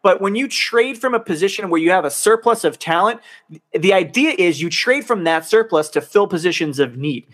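A man's voice: high-pitched, expressive, normal speed, a bit bright. A man co-hosting a podcast, ranting in casual talk, exasperated and swearing a lot. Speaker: podcast co-host. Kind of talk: heated casual sports rant.

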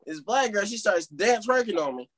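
A young man casually telling a funny story to friends on a podcast, animated and laughing along. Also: sits high, normal speed. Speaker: podcast co-host.

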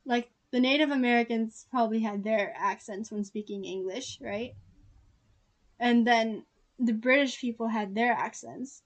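A woman's voice: a little high, fairly bright tone. A young woman in casual chat, rambling and giggling, with lots of "like".

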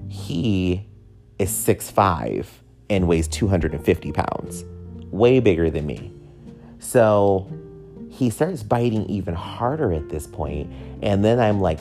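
A man's voice: on the low side, very animated, slow, darkish tone, faint music behind. A man candidly telling a personal story to his viewers, blunt and swearing freely.

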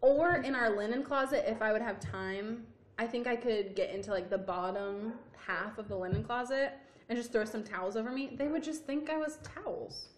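A woman's voice: on the high side, moderate pace, echoey room. A young woman co-hosting a casual chat, telling stories with frequent laughter. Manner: giggly storytelling, laughs often. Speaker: podcast co-host.

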